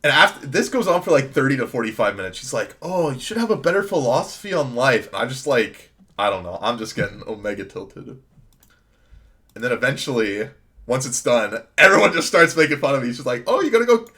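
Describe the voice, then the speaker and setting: Young man, casual streamer, rambling self-mocking story, middle pitch, keyboard typing in the background. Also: big pitch swings, brisk, pushed and bright. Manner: rambling anecdote with filler "like", laughing at himself. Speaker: gaming streamer. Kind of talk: casual storytelling while playing a card game.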